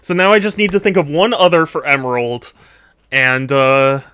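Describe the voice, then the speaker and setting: A man with a smooth, clear voice chats loosely on a live stream as he works through drawing requests. He rambles, laughs easily, and drifts off mid-thought, recorded close and dry with no room sound. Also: on the high side, expressive, moderate pace, sharp tone, no room sound. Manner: rambling, chatty, laughs often, trails off in thought. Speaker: streamer taking art requests. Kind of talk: casual live-stream chat while drawing.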